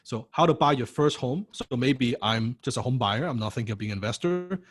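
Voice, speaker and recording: A course instructor with a mid-range voice gives a recorded lecture at a fairly quick pace, his intonation lively. His style is punchy and blunt, firing off rhetorical questions, asking "right?" after each point, and now and then swearing for emphasis.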